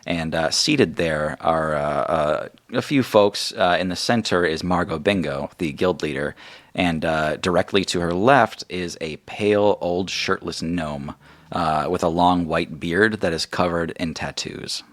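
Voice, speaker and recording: Deep-voiced man running a tabletop game. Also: measured pace, fairly bright tone, no room sound. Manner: casual, filler-heavy. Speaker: game master.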